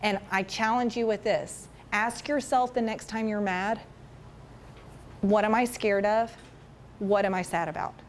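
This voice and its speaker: A woman giving a chatty, animated talk to a room of parents, often tossing questions to the audience. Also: mid-range voice, measured pace, slight background noise. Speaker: school parent education presenter. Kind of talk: casual presentation to parents.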